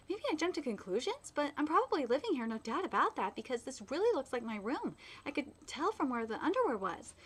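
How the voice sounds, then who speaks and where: Flustered shy young woman in love, as a woman reads her from a manga, stammering, high-pitched voice, lively swoops in pitch. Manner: stammering, nervous. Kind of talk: reading manga aloud.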